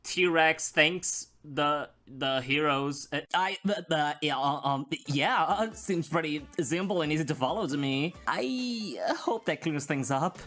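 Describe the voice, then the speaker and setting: A man talks through casual gaming commentary in a halting, sheepish way. He trips over his words and keeps restarting. His voice sits a little high, and faint music plays under him. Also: animated, pushed and bright. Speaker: gaming YouTuber.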